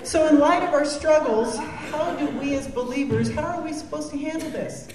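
A woman's voice: high-pitched, normal speed, a crowd in the background. A woman giving a devotional talk, earnest and heartfelt, with joking asides. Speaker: Christian speaker. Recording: echoey room from a distance.

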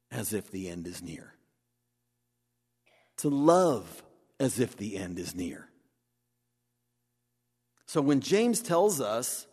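Animated male preacher in a reverberant hall. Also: mid-range voice, husky. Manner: animated, acts out quoted voices. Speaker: pastor. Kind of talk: sermon.

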